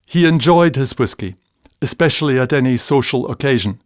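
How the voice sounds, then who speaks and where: A man, giving a scripted narration in a measured, gently humorous storytelling manner. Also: medium pitch, expressive, dry recording, clean studio sound.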